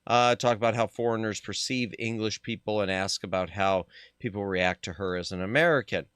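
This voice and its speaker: A man's voice: lowish voice, a little fast, fairly bright tone, clean tone, no echo, clean studio sound. A man streaming a game, reacting playfully and animatedly to the dialogue. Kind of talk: live game commentary.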